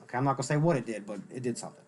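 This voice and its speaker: A man's voice: medium pitch, racing, slight background noise. A man hosting a card-selling stream, rambling and joking as he shows cards and greets viewers by name. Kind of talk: casual rambling chat while showing cards.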